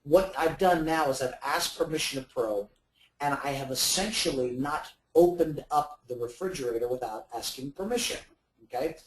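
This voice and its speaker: A man's voice: a little high, moderate pace, roomy sound, low-quality recording. A man giving sales advice as a webinar guest, talking in a rambling way with many fillers and restarts. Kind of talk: webinar talk.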